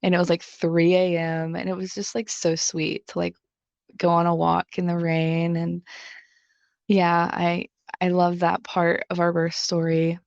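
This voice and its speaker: Lowish chatty young woman telling a story on a podcast, says like constantly, dull dry sound. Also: completely flat delivery, a little slow, gravelly, dry recording. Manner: chatty, leans heavily on filler "like". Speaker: podcast co-host. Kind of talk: casual personal storytelling.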